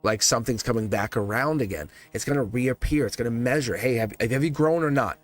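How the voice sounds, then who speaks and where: A man's voice: medium pitch, brisk, faint music behind. A man hosting a live tarot reading stream, talking casually to viewers in a chatty, upbeat way, often laughing and restarting his sentences.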